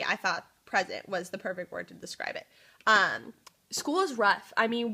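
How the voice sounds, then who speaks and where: A woman's voice: mid-range voice, sharp tone. A young woman, a student, talking casually to camera in an application video, earnest and upbeat with frequent fillers. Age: young adult. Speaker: student applying to be a resident assistant.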